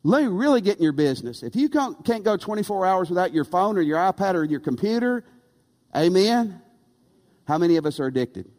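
A pastor preaching with lively, swooping intonation, pitched a touch high for a man. He throws rhetorical questions and "amen?" at the congregation. A long reverb from the church hall trails every phrase. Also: brisk. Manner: animated, rhetorical, calls for amen. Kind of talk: sermon.

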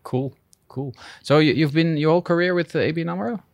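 A man with a Dutch accent hosting a podcast in an office, speaking with many pauses and fillers. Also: on the high side, gravelly, no room sound, clean studio sound. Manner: hesitant, many fillers and restarts, laughs easily. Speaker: podcast host. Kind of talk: casual interview chat. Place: office building.

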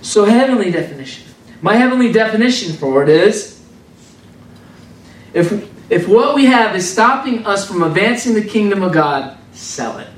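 Guy preaching a loose sermon, high voice, kinda far off the mic in a big echoey room. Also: moderate pace. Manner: animated, conversational, repeats words for emphasis. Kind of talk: informal sermon. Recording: roomy sound from off the mic.

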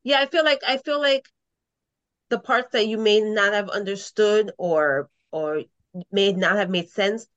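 A woman's voice: medium pitch, measured pace, a bit bright, no room sound. A woman co-hosting a casual podcast, adding short clarifying remarks while discussing an episode. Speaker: podcast co-host. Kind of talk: casual chat about an episode. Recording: dull, lo-fi mic.

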